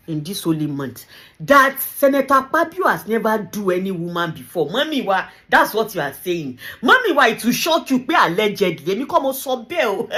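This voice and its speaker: Animated Nigerian woman vlogger. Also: on the high side. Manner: animated, teasing, mixes in Yoruba phrases, laughs often. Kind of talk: casual commentary to camera.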